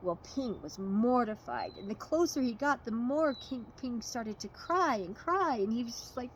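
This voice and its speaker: A woman storyteller telling a fable with a moral in an expressive, lively way. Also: a little high, normal speed, hardly any pauses, slight background noise, low-quality recording.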